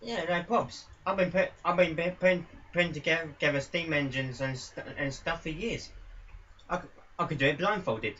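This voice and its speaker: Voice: mid-range voice, moderate pace, fairly bright tone, dull audio, a little hiss or hum, close to an everyday voice. A player voicing a handy stallion pony mechanic in a pony tabletop game, casual and folksy, often stammering and repeating words.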